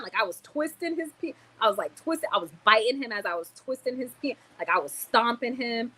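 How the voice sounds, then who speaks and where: A young woman vlogging casually on a livestream, tired and chatty, telling stories with sudden loud exclamations. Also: mid-range voice, animated, fast talker, hardly any pauses, slightly rough, rough recording.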